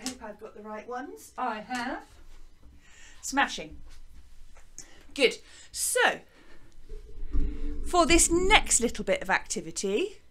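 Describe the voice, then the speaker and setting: An English woman leads a lively online music lesson for young children, bright and encouraging in her delivery. Her voice sits high and swoops up and down animatedly. She speaks from a small hut into a desk microphone. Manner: bright, encouraging, sing-song teacher talk. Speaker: primary music teacher. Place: small garden hut classroom. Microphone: desk microphone by laptop.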